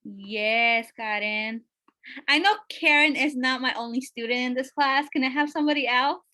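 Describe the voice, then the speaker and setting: Bright high-voiced woman teaching. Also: moderate pace. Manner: checks in with questions, many fillers. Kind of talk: teaching a math lesson.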